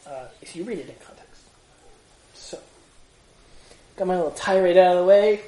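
Animated man teaching a Bible study. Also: sits high, moderate pace. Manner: animated, conversational, rhetorical questions. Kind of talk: casual group teaching. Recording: echoey room.

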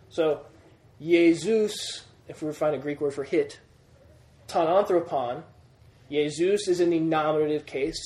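A man's voice: fairly high pitch, dark tone. A man teaching a Greek grammar lesson to a class, patient, repeating key points and checking that students follow. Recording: roomy classroom sound.

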